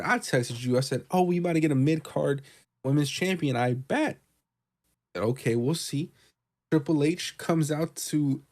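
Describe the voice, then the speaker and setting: A man co-hosting a podcast, recapping wrestling in casual, profane, excitable chat. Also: mid-range voice. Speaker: podcast co-host.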